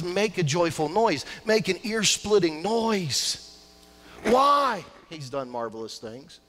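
A male pastor preaching a sermon, emphatic, swinging between loud outbursts and hushed lines. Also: high voice. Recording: long church hall reverb.

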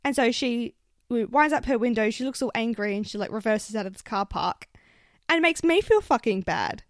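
A young woman with an Australian accent telling stories on her solo podcast, swearing freely and getting animated as she vents. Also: on the high side, moderate pace, dry recording, clean studio sound. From South Australia. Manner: swears often, animated when venting. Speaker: podcast host. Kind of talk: casual solo podcast storytelling.

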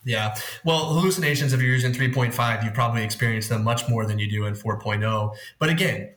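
A man's voice: medium pitch, fast talker, fairly bright tone, echoey room. A man speaking as the guest expert in a podcast interview, explaining things patiently with homely analogies. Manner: explanatory, leans on food analogies. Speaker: guest expert on workplace tech.

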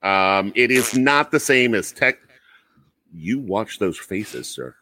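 Bright-voiced male podcast host. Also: lowish voice, animated, slow pace. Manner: friendly, ribbing banter with frequent fillers. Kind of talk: casual podcast chat.

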